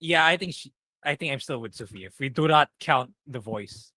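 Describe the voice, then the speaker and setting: A man's voice: medium pitch, animated, normal speed, sharp tone. A man co-hosting a casual podcast, hesitant and stammering, often laughing. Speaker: podcast co-host. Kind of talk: casual livestream chat.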